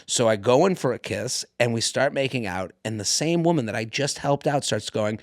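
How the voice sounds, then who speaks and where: Podcast co-host, man, thirties, lively storyteller who acts out quotes, dry sound. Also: mid-range voice, moderate pace, no room sound. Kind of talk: casual chat.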